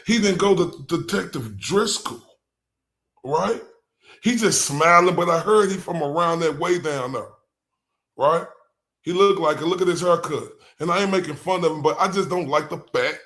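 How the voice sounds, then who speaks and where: Male streamer with a fry-edged, higher-than-usual voice; blunt, cussing, mocking live reactions. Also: fairly bright tone. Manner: blunt, profane, mocking, talks to his chat.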